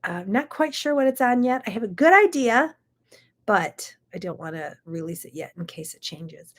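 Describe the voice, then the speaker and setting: A woman's voice: medium pitch, lively intonation, moderate pace. A middle-aged woman, hosting a chatty, folksy morning talk show. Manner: chatty, folksy, says y'all. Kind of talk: casual chat.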